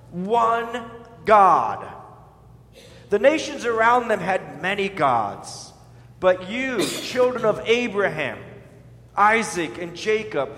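Slow, high-voiced preacher in an echoey hall. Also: male voice, a bit bright. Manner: leads the listeners in call-and-response pronunciation; slow, deliberate, emphatic delivery. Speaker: pastor. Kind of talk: sermon teaching with congregation repetition. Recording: echoey hall with long reverb.

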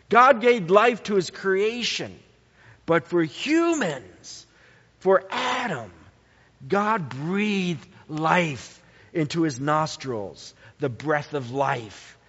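Male preacher, unhurried and emphatic, dull lo-fi recording. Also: a bit bright. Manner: slow, emphatic preaching with sweeping pitch swings. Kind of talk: sermon. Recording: dull lo-fi sound in a reverberant hall.

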